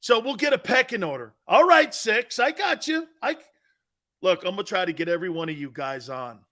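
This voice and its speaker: A man hosting a live sports talk show, joking loudly with viewers, reading their comments and laughing often. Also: high voice, animated, brisk. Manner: joking, loud, laughs often, calls out chat names.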